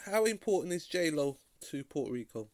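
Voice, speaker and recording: A man hosting a video reaction, talking critically in a halting way and often repeating words. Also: on the high side, big pitch swings, a little mellow, dry recording. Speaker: vlog host reacting to a clip. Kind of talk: casual reaction commentary.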